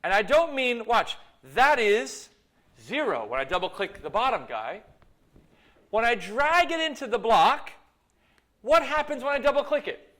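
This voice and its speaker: Guy lecturing a big class, high bright voice, jumps all over the place pitch-wise, jokey and dramatic. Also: measured pace. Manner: animated, playful, self-mocking exaggeration. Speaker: computer science lecturer. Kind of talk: live university lecture with demo. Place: lecture hall.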